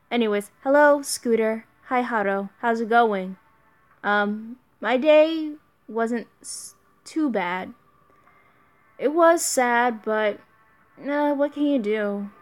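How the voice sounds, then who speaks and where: A young woman streaming a mobile game, chatting casually and answering her viewers. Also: mid-range voice. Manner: chatty, reads viewer chat aloud. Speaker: let's play streamer.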